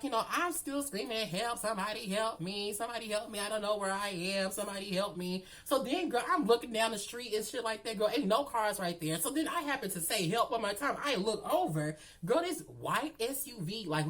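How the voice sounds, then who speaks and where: A woman telling a dramatic story in a casual, animated way, often calling the listener "girl.". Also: on the low side. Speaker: storytelling vlogger.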